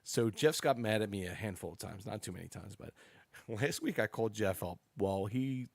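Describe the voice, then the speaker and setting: A man's voice: on the low side, normal speed, vocal fry, dry recording. A man guest on a podcast, chatting casually and telling rambling stories with plenty of swearing. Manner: excitable, rambling storyteller who swears freely. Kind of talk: casual chat.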